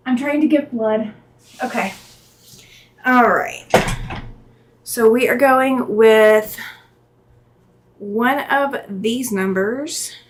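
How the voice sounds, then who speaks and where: Woman, middle-aged, slightly high voice, slow unhurried talk, casual quilting stream chat, reads comments aloud. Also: slight background noise, low-quality recording. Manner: chatty, reads viewer comments aloud, thinks aloud while working. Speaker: quilting channel host.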